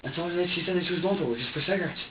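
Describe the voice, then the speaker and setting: A high-voiced man fires off words rapidly while police question him, rambling nervously, repeating himself, and restarting sentences in his statement. The faintly hissy, dull lo-fi recording sounds roomy and distant, taken by a room recorder far off in the interview room.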